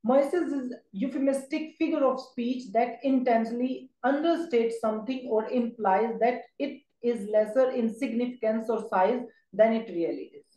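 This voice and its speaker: A woman giving a recorded exam-prep lecture, pausing often with "uh" fillers. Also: a little high, warm tone. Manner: halting, with many "uh" fillers. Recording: echoey room.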